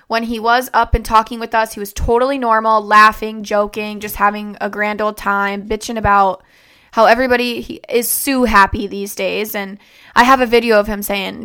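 A woman's voice: a little high, sharp tone, clean tone. A young woman vlogger telling a personal story in a rambling, conversational way, full of fillers and restarts.

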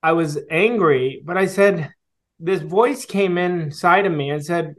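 Earnest man telling his story. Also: on the high side. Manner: reflective, earnest, with fillers and pauses. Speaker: guest, sales coach. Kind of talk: storytelling interview answer.

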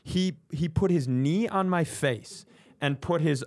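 A man's voice: on the high side, unhurried. A young man on a podcast, telling a story in a casual chat and acting out the other people in it with raised voices. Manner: animated, acts out quotes in raised voices. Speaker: podcast co-host.

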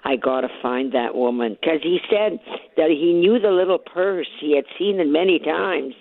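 A woman with a raspy voice calling into a radio show, telling her story with excitement and acting out both sides of each conversation. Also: low voice, moderate pace, slight background noise. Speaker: caller, lottery winner. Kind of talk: phone-in radio interview. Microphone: telephone. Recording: tinny phone line.

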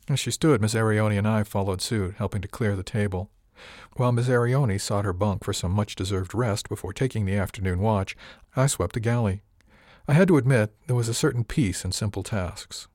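Male audiobook narrator, low, calm, dry delivery, close and dry. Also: no room sound. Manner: calm, measured, dryly understated. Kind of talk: first-person scripted narration.

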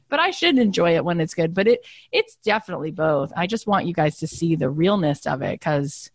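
A middle-aged woman hosts a podcast, speaking fairly quickly with few pauses and no echo. In casual chat she tells stories animatedly, acting out quotes in high voices.

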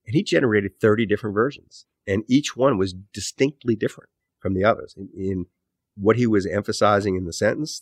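Middle-aged male author guest, low voice, reflective, restarts sentences, close dry mic. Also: dry recording. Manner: thoughtful, self-correcting, trailing off low at phrase ends. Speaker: author and podcast host, guest. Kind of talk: conversational interview answers.

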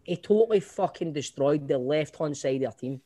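A man's voice: fairly high pitch, lively intonation, a little fast, warm tone, dry recording. A Scottish man co-hosting a podcast, talking football in a heated, insistent way. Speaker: podcast co-host. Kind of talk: casual football chat.

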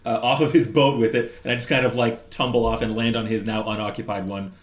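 Tabletop player, a man, animated and casual, on a video call. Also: mid-range voice, fast talker, reverberant. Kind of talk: tabletop role-play.

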